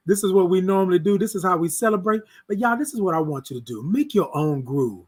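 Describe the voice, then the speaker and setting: Guy on a morning livestream, kinda high voice, shouting out viewers by name, gets loud then quiet. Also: fast talker, few pauses. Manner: warm, repetitive affirmations, shouts out viewers by name; animated, swings between loud bursts and soft asides. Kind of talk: casual live-stream chat with viewers.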